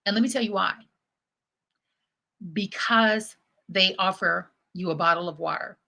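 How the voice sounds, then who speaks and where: A woman hosting her own livestream, telling personal stories in a chatty, lively way and acting out what people said. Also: medium pitch, measured pace, gravelly. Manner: chatty, lively storyteller who acts out quotes. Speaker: host. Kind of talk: casual storytelling livestream.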